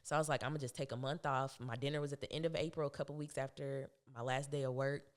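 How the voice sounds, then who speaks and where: A young woman speaking as a podcast guest, telling a personal story in a casual, animated way, often laughing and acting out what others said. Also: rumbling low, quick pace. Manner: animated, laughs often, acts out quoted voices.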